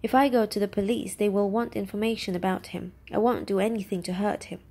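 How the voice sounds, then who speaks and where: A woman voicing a nervous, tearful young woman thief in a storybook reading, talking in quick, pleading bursts. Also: mid-range voice, steady tone, gravelly, mellow.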